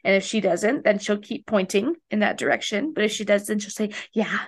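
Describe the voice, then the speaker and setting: A young woman co-hosting a parenting podcast, relaxed and quick to laugh. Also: medium pitch. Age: young adult. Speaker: podcast co-host, stay-at-home mom. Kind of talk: casual podcast chat.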